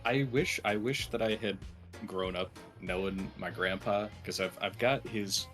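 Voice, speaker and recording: A man's voice: lowish voice, a little slow, a bit bright, faint music behind. A man telling a long rambling anecdote to friends over voice chat while gaming, with many restarts. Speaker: gamer in group voice chat. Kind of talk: casual storytelling chat.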